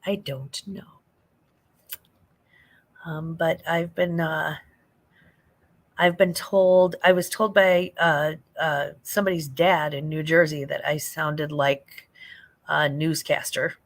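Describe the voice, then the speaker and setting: An older woman from St. Louis, talking loosely through a late-night livestream. Her voice sits on the low side for a woman. She rambles, laughs easily and answers viewer comments as they come in. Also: steady tone, takes it slowly, long pauses. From St. Louis, Missouri. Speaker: livestream host.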